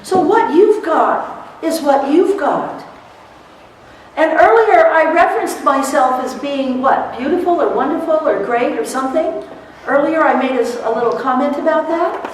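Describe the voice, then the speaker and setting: A middle-aged woman giving a lively motivational seminar to court reporters, telling stories and acting out what people said, laughing often. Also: high voice, slight background noise. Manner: animated storyteller, laughs often, acts out quotes. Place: seminar hall. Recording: echoey hall, recorded from far off.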